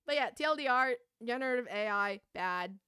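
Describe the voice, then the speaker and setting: A young woman streaming a game, ranting casually with swearing and quick laughs while chatting to viewers. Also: fairly high pitch, lively intonation, sharp tone, clear, resonant tone, no echo, clean studio sound. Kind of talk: casual gaming stream chat.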